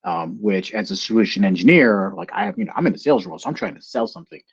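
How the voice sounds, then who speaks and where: Gravelly, husky man on a lo-fi call. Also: racing. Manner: animated storytelling, voices quotes with pitch jumps. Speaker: solution engineer. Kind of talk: casual panel chat. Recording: lo-fi video call audio.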